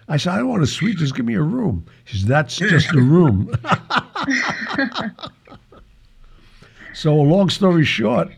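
An older man with a gravelly, husky voice recounts a personal story as a podcast guest. He acts out each exchange of dialogue and keeps chuckling through the tale. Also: medium pitch. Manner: lively storyteller who acts out the quoted dialogue and chuckles often. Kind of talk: anecdotal storytelling.

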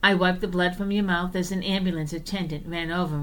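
A woman co-hosting a podcast, telling a personal story earnestly and vividly, often slowing down for emphasis. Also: fairly low pitch, steady tone. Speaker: podcast co-host.

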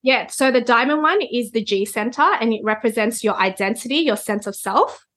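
A woman's voice: a little high, animated, normal speed, fairly bright tone. A woman, a guest reader, explaining concepts in a conversational chat and often checking in with "right?". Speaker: Human Design reader, guest.

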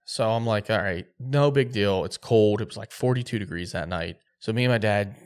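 A podcast co-host tells a story in an excited, lively way, acting out quoted dialogue and leaning on "like" in laid-back, filler-heavy speech. His voice is lowish and smooth, at a normal speed.

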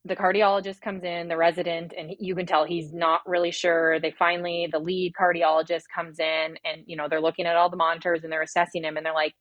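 A woman's voice: lowish voice, little pitch movement, fairly bright tone, dry recording. A woman in her thirties telling her birth story in a rambling, heartfelt way, full of fillers and quoted thoughts. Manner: quick, rambling, many fillers and acted-out inner quotes. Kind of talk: emotional personal storytelling.

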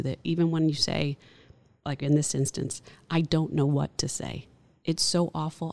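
A middle-aged woman, a hospital chaplain, speaking earnestly and gently in a counseling tone during an interview. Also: low voice, vocal fry. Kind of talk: conversational interview.

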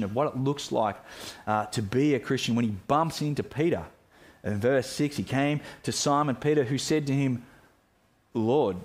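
A man's voice: mid-range voice, a little mellow. A man preaching a sermon as pastor, earnest and reflective, often restarting his phrases.

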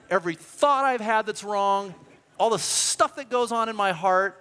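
A man's voice: high voice, unhurried, sharp tone, smooth. A man preaching a sermon in a church hall, telling stories animatedly and acting out quoted voices. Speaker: pastor.

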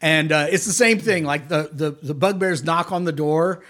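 A man's voice: on the high side, normal speed, fairly bright tone. A man narrating as game master of a tabletop game, giving playful, rambling descriptions.

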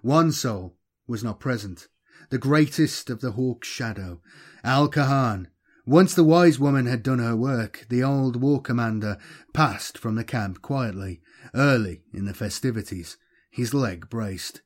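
Guy reading a battle story, measured and dramatic, average pitch. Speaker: narrator. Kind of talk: dramatic audiobook narration.

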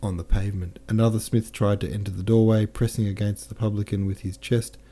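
A man reading a classic novel aloud as a podcast narrator, measured and careful, now and then correcting himself. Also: on the low side, level tone, mellow. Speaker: audiobook narrator.

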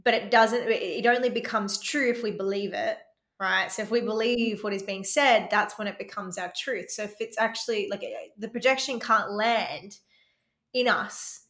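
Woman podcast host, bright tense voice, affirming, keeps asking "right?", echoey room. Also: medium pitch, moderate pace. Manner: affirming, tags sentences with "right?". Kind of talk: casual conversational interview.

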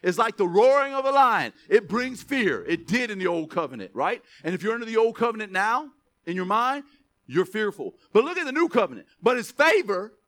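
A man preaching a sermon as pastor, reading verses slowly with emphasis, then dropping into quick asides to the church. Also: very high voice. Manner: animated, stretches scripture words for emphasis, drops to asides.

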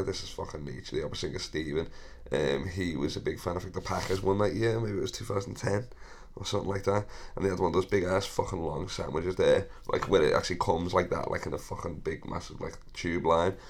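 A thirty-year-old man, hosting a podcast and telling rambling, sweary stories with frequent laughs and self-corrections. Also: low voice. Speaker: podcast host. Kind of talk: casual storytelling monologue.

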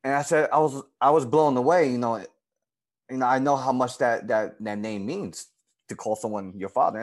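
A man in the guest's seat recounts his time coaching a girls' softball team. He speaks earnestly and with feeling, and his pitch leaps when he relives key moments. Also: moderate pace. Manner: earnest and emotional, lively pitch swings when retelling moments. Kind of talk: personal storytelling in an interview.

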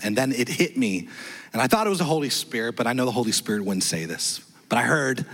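A man pastor preaching a sermon in a church, telling a story with lively, self-deprecating delivery and acting out the dialogue. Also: mid-range voice, fairly quick, breathy edge, big-room sound. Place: church sanctuary.

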